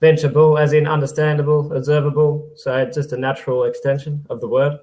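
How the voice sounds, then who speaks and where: A man's voice: a little high, level tone, fairly quick, darkish tone. A man who has called in for feedback on his startup and answers with short, agreeable replies.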